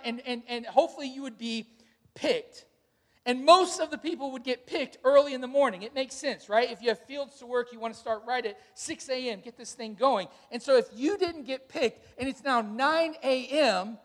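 A man in his thirties preaching a sermon, telling stories and acting out quotes with sudden shouts. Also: very high-pitched, moderate pace. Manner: storytelling, animated retellings with shouted quotes. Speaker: pastor. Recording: long hall reverb.

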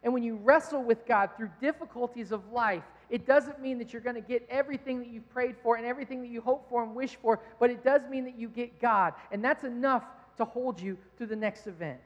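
A man's voice: very high-pitched, brisk, few pauses. A man preaching a sermon as pastor, telling a personal story earnestly and with many restarts. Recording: dull sound in a hall with long reverb.

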